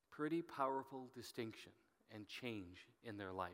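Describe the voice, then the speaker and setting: Male pastor, bright forceful voice, storytelling sermon, reads scripture with rising emphasis, long hall reverb. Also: mid-range voice, expressive, normal speed.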